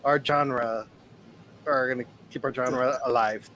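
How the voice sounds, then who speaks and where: A man's voice: medium pitch, steady tone, takes it slowly, over a noisy crowd. A middle-aged man hosting a live music talk show, casually reading viewer comments aloud. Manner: easygoing, reads comments aloud. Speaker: show host.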